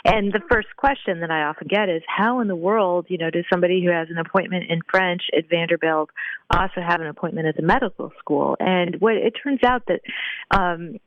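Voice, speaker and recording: A woman guest on a radio interview who explains her ideas in a thoughtful, measured way with frequent fillers. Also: fairly low pitch, no echo. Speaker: guest, professor. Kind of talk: phone interview, explaining at length. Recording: dry tinny phone line.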